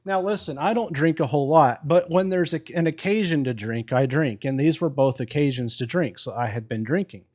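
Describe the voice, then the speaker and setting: A man's voice: on the high side, a little fast, hardly any pauses, darkish tone. A married man hosting a live stream, telling a story casually with swearing and laughs. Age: adult with a wife. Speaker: livestream host. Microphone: live stream microphone.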